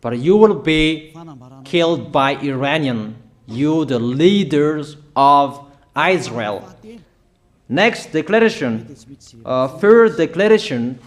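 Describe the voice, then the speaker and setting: A man preaches in a prophetic sermon, his voice sitting a little high for a man. He speaks slowly and deliberately, hammering home emphatic, repeated declarations in non-native English phrasing. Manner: emphatic, repetitive proclamations.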